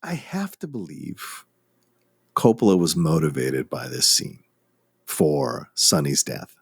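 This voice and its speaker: Low lively man musing on films. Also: takes it slowly, creaky, breathy edge, no echo, clean studio sound. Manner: musing, emphatic, profane. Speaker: podcast co-host. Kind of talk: casual film discussion.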